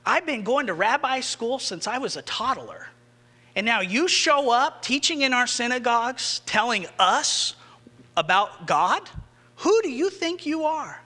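A man's voice: very high voice, very animated, measured pace, sharp tone, in a large hall, voice pushed up, full character voice. A man voicing indignant religious scholars who challenge a newcomer with scorn. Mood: scornful.

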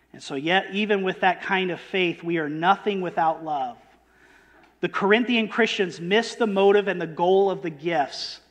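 A man with a high voice delivers a sermon in an emphatic way, lifting his voice on quoted verses and sinking low on key words. He asks his listeners rhetorical questions. His words ring out with a long reverb, as if in a big hall. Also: a bit bright. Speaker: preacher.

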